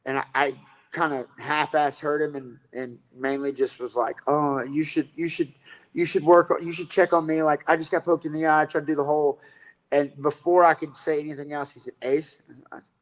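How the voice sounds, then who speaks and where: A man's voice: on the high side, level tone, normal speed, rough recording. A man telling a rambling, profane story about fighting and coaching in a casual interview.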